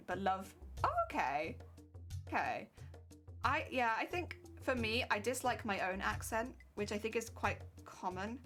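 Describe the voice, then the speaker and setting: A woman's voice: mid-range voice, fairly bright tone. A woman with an English accent chatting casually on a live stream while sewing a costume. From England. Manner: chatty, rambling, fillers like "like" and "heck yeah".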